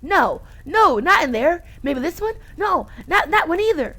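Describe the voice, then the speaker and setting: A woman voicing a panicked young woman shouting as she searches a burning house in a game. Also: extremely high pitch, sing-song, unhurried, pitched above the performer's own voice, exaggerated voice. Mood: desperate. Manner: desperate shouting.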